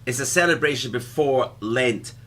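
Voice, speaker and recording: A man co-hosting a casual talk show, an animated storyteller who tells his stories with laughter. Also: medium pitch, moderate pace. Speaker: co-host.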